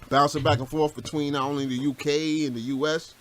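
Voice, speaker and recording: A radio host asking a guest questions in a relaxed, laughing way. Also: mid-range voice, brisk. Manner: relaxed, laughs often, short backchannels. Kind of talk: casual interview chat.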